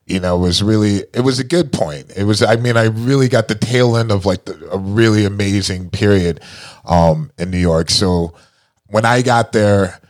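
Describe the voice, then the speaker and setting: Low-voiced man telling his story. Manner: halting, full of fillers and repeated starts. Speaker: guest. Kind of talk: storytelling in casual conversation.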